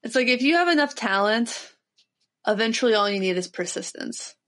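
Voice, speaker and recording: A woman's voice: a little high, lively intonation, normal speed, a bit bright. A woman from Ohio hosting a podcast, chatting and joking with a casual, swearing manner. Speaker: podcast host. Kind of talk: casual chat.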